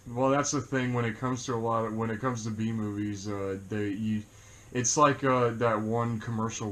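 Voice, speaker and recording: A man's voice: lowish voice, fairly even intonation, normal speed, fairly bright tone. A man co-hosting a movie review, chatting casually, rambling with lots of fillers and laughing often. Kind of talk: casual chat.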